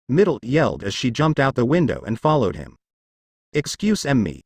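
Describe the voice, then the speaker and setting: Man reading a fan story, lively pitch. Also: normal speed, creaky, slightly rough, no echo. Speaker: fanfiction reader.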